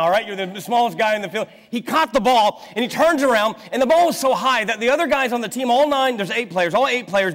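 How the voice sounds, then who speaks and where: A man in his thirties preaching a sermon, telling a family story in a lively way and acting out the people in it. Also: sits high. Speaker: pastor. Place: church sanctuary. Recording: long hall reverb in a church.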